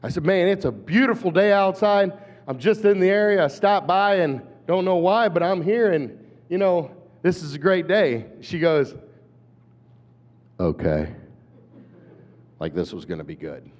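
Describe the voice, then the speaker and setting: A man in his fifties, an animated storyteller who acts out voices, giving a talk at a conference. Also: sits high, normal speed. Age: 50s. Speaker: conference speaker. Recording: dull hall recording with long reverb.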